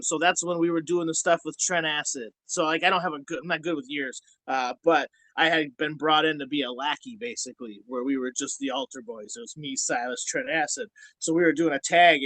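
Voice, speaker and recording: Dude rambling thru old stories, swears a ton, kinda high voice, dry close mic. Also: male voice, dry recording, poor audio. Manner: profane, rambling, animated when telling stories. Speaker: podcast guest, former wrestler. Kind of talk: casual storytelling.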